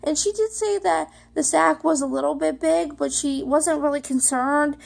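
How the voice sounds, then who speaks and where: A woman's voice: high-pitched, moderate pace, creaky. A young woman vlogger telling a personal story to the camera, rambling with many fillers and emotional, holding back tears.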